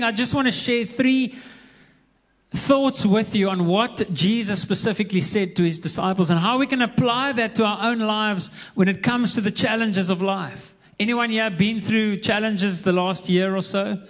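A man preaching a sermon as pastor, earnest and repeating words as he builds his points. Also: sits high. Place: church hall. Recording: long hall reverb.

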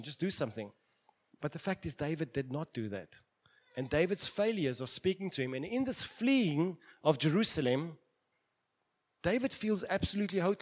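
Male preacher, slightly high voice, dramatic sermon delivery that acts out quoted characters.

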